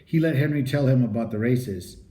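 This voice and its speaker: A man reading a children's chapter book aloud as storybook narration, in an animated, expressive read-aloud manner. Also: mid-range voice, moderate pace. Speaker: audiobook reader. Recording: roomy echo.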